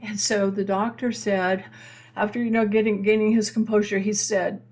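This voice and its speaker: A woman's voice: mid-range voice, flat delivery, normal speed, a little mellow. Chatty older woman astrology host. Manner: chatty and meandering, with many restarts. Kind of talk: live-stream storytelling chat.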